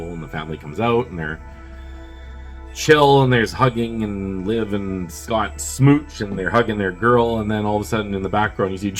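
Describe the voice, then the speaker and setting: A man's voice: on the low side, a bit bright. A man who is sick with a cough, casually reviewing a movie in a rambling, chatty way with wry asides.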